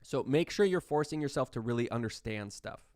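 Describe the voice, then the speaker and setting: A man records an online class lecture in a relaxed, conversational way, often restarting his sentences and checking in with his students. His voice has a gravelly, fry-laden edge. The sound is dry and close, with no room around it. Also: mid-range voice, fairly quick, dry recording. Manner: conversational, tag questions, frequent restarts. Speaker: statistics instructor.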